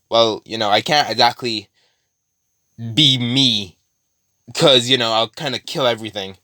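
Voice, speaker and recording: A man's voice: mid-range voice, normal speed, pauses often, pushed and bright, dry recording, studio quality. A man casually retelling a fan story in a rambling, profane way, full of fillers and restarts.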